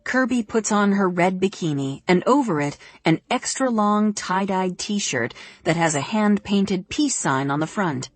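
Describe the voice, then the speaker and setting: Audiobook narrator: woman, lowish voice, steady reading, dry close sound. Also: dry recording. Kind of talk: scripted narration.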